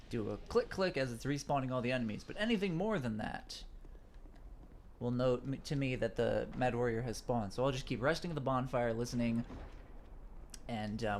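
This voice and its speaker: A man's voice: mid-range voice, slight background noise. A man commenting casually on his own gameplay, a little stuffed up, rambling with many fillers and asides. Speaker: gaming channel host.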